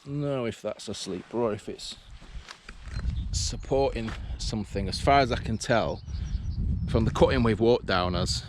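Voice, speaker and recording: Walking vlogger: English man, lowish voice, chatty, thinks aloud, faint outdoor noise. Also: a little slow. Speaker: railway exploring vlogger. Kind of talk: casual walking commentary. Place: outdoors on an overgrown disused railway line.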